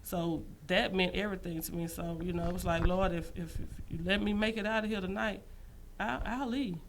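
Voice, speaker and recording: Gravelly-voiced woman recalling hard times. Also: lowish voice, steady tone, background noise. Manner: earnest, halting recollection. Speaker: talk show guest. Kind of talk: personal testimony.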